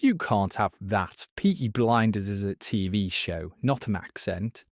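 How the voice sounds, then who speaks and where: A man's voice: fairly low pitch, unhurried, dry recording, clean studio sound. A man chatting confidently and teasingly as a quiz contestant on a podcast. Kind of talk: casual chat.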